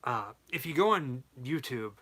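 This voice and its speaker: Laid-back man with a bright voice. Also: medium pitch, lively intonation, a little slow. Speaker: co-host of a live stream. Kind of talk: casual live Q&A chat.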